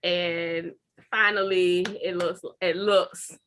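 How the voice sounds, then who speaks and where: A woman co-hosting a casual recap chat, retelling scenes in a chatty, expressive way. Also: fairly low pitch, slow, a crowd in the background. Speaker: podcast co-host.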